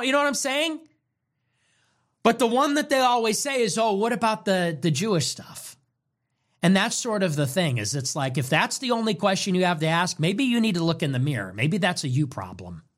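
Animated, profane talk show host. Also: medium pitch. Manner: repeats phrases for emphasis. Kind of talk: heated monologue on a talk show.

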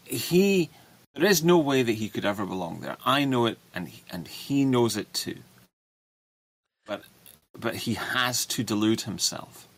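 A man talking as a guest in a casual discussion, speaking haltingly with frequent restarts and fillers. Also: medium pitch, lively intonation, creaky. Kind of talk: livestream political discussion.

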